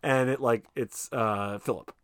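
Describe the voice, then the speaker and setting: Animated man recapping a film, dry close mic. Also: medium pitch, measured pace, clean tone, dry recording. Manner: animated, swearing, acts out characters' lines. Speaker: podcast co-host. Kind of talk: casual film recap chat.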